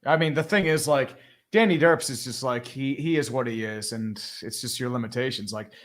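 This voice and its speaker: A man's voice: mid-range voice, brisk, fairly bright tone. A man co-hosting a casual sports stream, talking in a laid-back way with lots of "like" fillers. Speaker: co-host.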